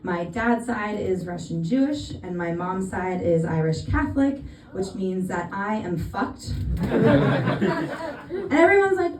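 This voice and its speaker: A woman's voice: medium pitch, animated, takes it slowly, background noise. A woman in her thirties from California with an American accent, doing a stand-up comedy set with dry, self-deprecating punchlines. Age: 30s. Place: comedy venue on stage. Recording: echoey room from far off.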